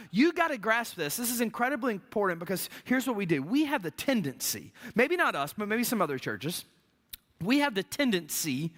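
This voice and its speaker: A male pastor preaching a sermon in church, swinging between loud emphatic peaks and quiet lows. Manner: energetic preaching, big swings from loud highs to hushed lows. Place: church sanctuary.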